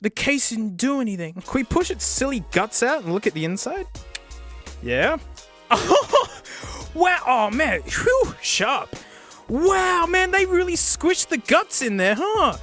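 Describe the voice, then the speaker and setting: A man reviewing a gadget in a casual vlog, excitable and sarcastic. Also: extremely high pitch, a little slow, soft background music. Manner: excitable and sarcastic, laughs often.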